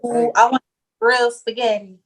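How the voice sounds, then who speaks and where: A Southern woman in her thirties, from Jacksonville, chatting as a podcast guest. She speaks a little high and tells her stories with an animated, joking manner. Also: normal speed, a crowd in the background. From Jacksonville, Florida. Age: 30s. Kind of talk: casual chat.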